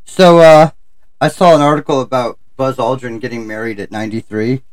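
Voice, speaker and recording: A man's voice: mid-range voice, steady tone, brisk, rough recording. A man from Albany, New York, with an upstate New York accent, co-hosting a casual comedy podcast, joking and swearing freely. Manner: laughs often, jokey, swears casually. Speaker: podcast co-host.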